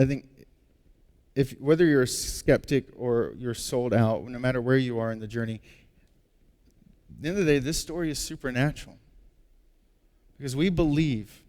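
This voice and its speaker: Storytelling pastor in a reverberant hall. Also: male voice, medium pitch. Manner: animated storyteller, turning hushed and earnest. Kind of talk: sermon with personal storytelling. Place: large church auditorium. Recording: long reverb of a large hall.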